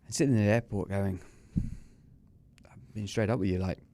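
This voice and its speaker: This small business owner from England talks fairly quickly in a low, gravelly, dark-toned voice. Guesting on a podcast, he shares personal stories frankly in an interview, earnest and confessional, and he performs the conversations he recalls.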